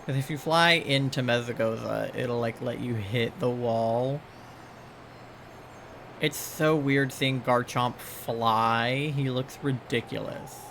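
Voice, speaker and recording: Chatty gravelly-voiced man streaming a game. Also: mid-range voice, steady tone, slow pace, fairly bright tone, a little hiss or hum. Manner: rambling, chatty, playful, with laughs and squeals. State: sleepy, yawning. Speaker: live streamer playing a video game. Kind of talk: casual live-stream gaming commentary.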